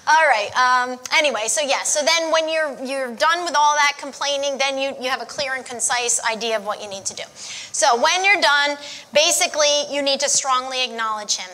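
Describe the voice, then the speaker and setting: Bright-voiced woman coaching wives. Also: high-pitched, moderate pace, slight background noise. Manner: direct, coaching, checks in with "okay?". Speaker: marriage counselor. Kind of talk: church marriage teaching.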